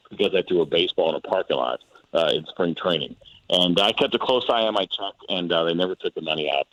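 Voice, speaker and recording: A former pitcher in his forties, a man telling a long story in a relaxed way on a sports radio show, with quoted back-and-forth dialogue. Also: fast, dry recording, poor audio. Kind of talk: casual sports radio chat.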